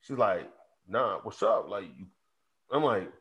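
A man's voice: lowish voice, a little slow. A man co-hosting a podcast, telling a story in casual chat, acting out both sides of a phone call and cursing freely. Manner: animated storyteller, acts out phone calls, swears freely. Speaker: podcast co-host.

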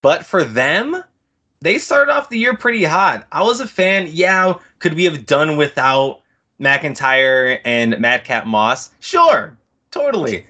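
Bright, chatty man as guest. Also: fairly high pitch, animated, a little slow. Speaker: podcast guest. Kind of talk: casual podcast chat.

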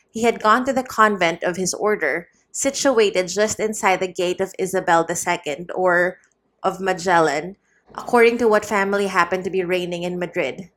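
A woman narrates a classic novel at an even, measured pace. Her voice sits at a middle pitch, and she reads plainly, with little drama. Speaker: audiobook reader. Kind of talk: scripted narration.

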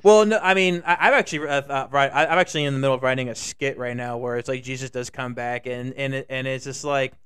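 A man's voice: mid-range voice, fairly even intonation, fast, few pauses, a bit bright, clear, resonant tone, dry recording. A man co-hosting a podcast in casual, profane, rambling chat, laughing often. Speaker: podcast co-host.

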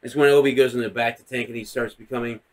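A man's voice: mid-range voice, steady tone, quick pace. A man co-hosting a podcast, chatting casually and profanely, acting out scenes with silly voices. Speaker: podcast co-host. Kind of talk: casual chat.

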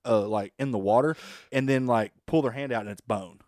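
A man's voice: medium pitch, a little fast, darkish tone, dry recording. Man, profane storyteller, dry close sound. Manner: profane, storytelling, laughs while telling. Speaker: podcast co-host. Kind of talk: casual chat.

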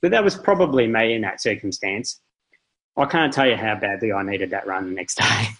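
A man's voice: lowish voice, expressive, fairly quick, a bit bright, rough recording. A man, a podcast guest telling stories in a casual, rambling, self-deprecating way with many fillers and restarts. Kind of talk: casual interview storytelling.

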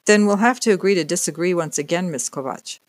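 A storyteller puts on a skeptical male police detective from an audiobook. He speaks in a formal, measured way. The sound is dry and close. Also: mid-range voice, no echo, close to an everyday voice.

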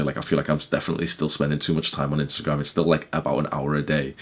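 Young male vlogger, low voice, quick rambling delivery, filler-heavy and profane. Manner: rambling, peppered with "like", swearing, laughing. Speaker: YouTuber. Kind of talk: casual storytelling vlog.

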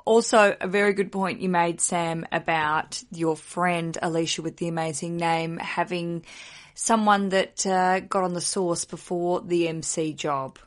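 Chatty, candid woman. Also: unhurried. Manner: chatty and candid, swears freely, rises in pitch when excited. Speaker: podcast co-host. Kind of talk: casual chat.

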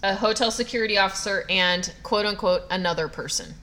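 A woman's voice: mid-range voice, brisk, sharp tone. A woman co-hosting a podcast, telling a story in a wry, matter-of-fact way. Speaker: podcast co-host. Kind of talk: casual chat.

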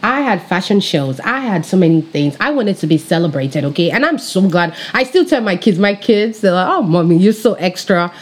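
A woman in her thirties from Nigeria, with a Nigerian accent touched by British influence, telling her faith story in a bubbly, animated way. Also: fairly low pitch, moderate pace, hardly any pauses. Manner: bubbly, animated, laughs often, speaks straight to viewers. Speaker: pastor. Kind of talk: personal faith testimony, casual storytelling.

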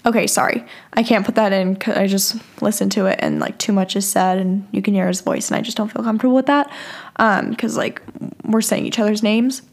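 A woman's voice: medium pitch, fairly even intonation, fairly quick. A young woman hosting a podcast, telling a story in a candid, casual way, laughing often and swearing freely. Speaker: podcast host.

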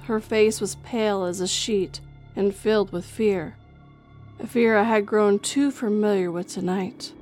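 A woman reads a first-person horror story at a medium pitch and an even pace. Her narration is scripted and steady. Faint music plays underneath.

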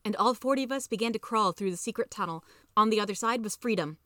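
A woman reading a story aloud as the regular narrator of a podcast, in steady, plain narration. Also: medium pitch, fast talker, no echo, clean studio sound. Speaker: podcast reader.

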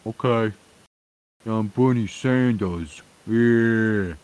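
A man putting on a mocking impression of a weary, unenthused older male politician who drones flatly. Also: on the low side, slow pace, smooth, lo-fi sound, pitched above the performer's own voice.

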